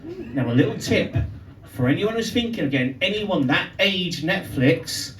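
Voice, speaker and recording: A young man with a fairly high voice, speaking at normal speed, does stand-up comedy at a pub venue. His stories are animated and build toward punchlines, picked up from afar in an echoey space with audience laughter around him.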